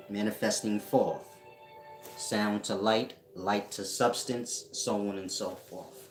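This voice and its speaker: A man giving a casual spiritual teaching at home, talking slowly and often checking that listeners follow him. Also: lowish voice. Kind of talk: casual esoteric teaching monologue. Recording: echoey room.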